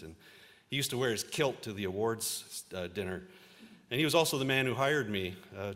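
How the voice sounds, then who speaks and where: A man's voice: lowish voice, fairly bright tone, in a large hall. A man in his fifties, a journalist giving a convocation speech and telling anecdotes with a few fillers. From Ontario, Canada. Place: large auditorium.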